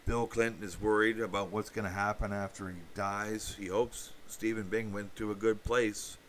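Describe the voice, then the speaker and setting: Rambling, low-voiced man commenting. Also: level tone, moderate pace, slight background noise. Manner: meandering, many fillers, sardonic asides. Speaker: channel host. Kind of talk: rambling political commentary livestream.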